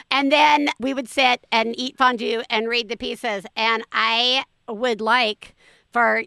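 A woman in her forties hosts a casual podcast chat, enthusiastic and quick to laugh. Her voice is a little high, bright and crisp, and sounds dry and close. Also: dry recording. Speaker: podcast host.

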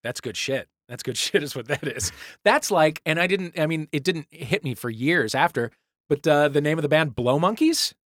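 Middle-aged male host for a comedy panel; wry, animated delivery, raised pitch. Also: moderate pace, no room sound, studio quality. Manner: wry, expressive hosting. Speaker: quiz host.

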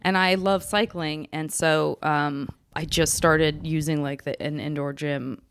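A woman's voice: low-pitched, steady tone, measured pace, slight background noise. A woman hosting a podcast, chatting playfully and laughing often as she runs a casual interview game. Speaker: podcast host.

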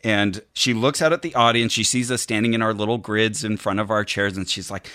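A man's voice: lowish voice, steady tone, fairly quick, hardly any pauses, sharp tone, no room sound. A man co-hosting a podcast, retelling an event in a dry, wry way. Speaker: podcast co-host. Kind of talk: casual storytelling chat.

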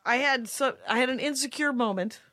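A woman's voice: high voice, a little fast, sharp tone, dry recording. A woman comedian co-hosting a podcast, chatting in a wry, casual way and laughing often. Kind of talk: casual chat.

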